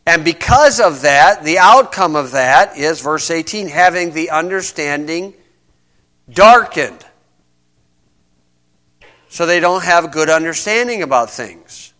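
High, bright-voiced male preacher. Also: animated, slow pace, long pauses. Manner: conversational preaching, asks the congregation questions. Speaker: pastor. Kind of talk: sermon.

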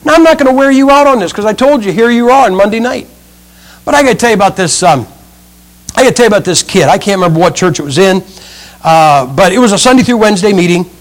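A man's voice: high voice, expressive, fast talker, rough recording. A middle-aged male preacher giving a humorous sermon, acting out the people in his stories. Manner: humorous storytelling, acts out quotes.

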